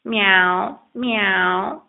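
A woman's voice: mid-range voice, steady tone, very slow. A woman voicing a sly, greedy female black cat who mews and begs with a phony purr, in a storybook reading. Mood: wheedling. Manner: wheedling, mewing, phony purr. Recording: tinny phone-like lo-fi recording.

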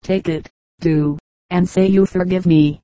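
A woman's voice: fairly low pitch, fairly even intonation, a little slow, warm tone, dry recording, lightly acted. A woman voicing a girl, a sulky and cross older sister, in a storybook reading, speaking curtly. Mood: earnest. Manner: cross, curt.

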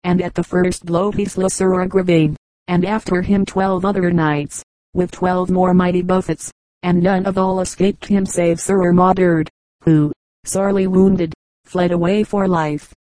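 A woman's voice: fairly low pitch, little pitch movement, a little slow, dark tone, no room sound, low-quality recording. Woman reading an old legend aloud. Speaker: audiobook reader. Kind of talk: scripted narration.

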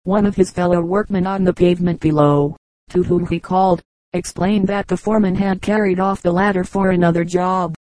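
A woman's voice: on the low side, fairly quick, no room sound, low-quality recording. A woman narrating an audiobook of short humorous anecdotes, reading evenly and lightly voicing the quoted lines. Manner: even storytelling read, voicing quoted lines.

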